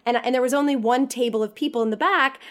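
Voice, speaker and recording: A woman's voice: sits high, fast talker, fairly bright tone. A woman, a guest actress, chatting casually and telling a story expressively, acting out her own lines. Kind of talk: casual chat.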